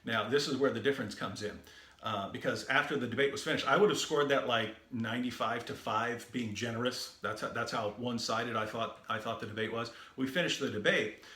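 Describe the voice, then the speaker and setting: A man who is a Christian debater, telling a story in a lively, animated way. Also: mid-range voice, brisk. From the West. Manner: lively and animated, acts out quoted voices. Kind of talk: storytelling talk. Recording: roomy echoey room.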